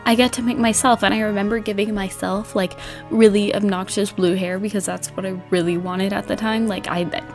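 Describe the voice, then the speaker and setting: A young woman vlogger chatting casually about a game, bubbly and animated, laughing often and acting out her old reactions. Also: medium pitch, moderate pace, faint music behind. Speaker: gaming vlogger. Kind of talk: casual chat.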